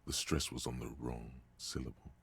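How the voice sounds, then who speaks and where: Inner voices of a game detective speak in a rumbling bass so low it sits at the floor of the range, with a thick gravelly fry. The tone is hoarse and heavily breathy, and the delivery is slow and ominous, sometimes dropping to a whisper. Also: level tone, a bit bright, heavily acted. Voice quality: deep gravelly rasp. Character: the detective's inner voices, gruff male narrator. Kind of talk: video game narration.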